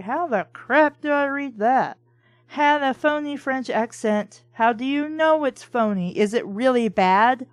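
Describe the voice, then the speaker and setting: A woman reads a novel aloud, stopping often to mock it with sarcastic, swearing asides. Her voice is a little high-pitched, and the recording is dry and close with no room echo. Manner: sarcastic, profane, mocking. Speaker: book reviewer and reader. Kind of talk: sarcastic comedic read-along commentary.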